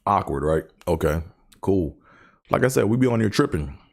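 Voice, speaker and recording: Deep-voiced man musing with many fillers. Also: expressive, moderate pace, vocal fry. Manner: rambling, many fillers and repeated words; person who stutters. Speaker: podcast host. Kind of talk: casual solo chat.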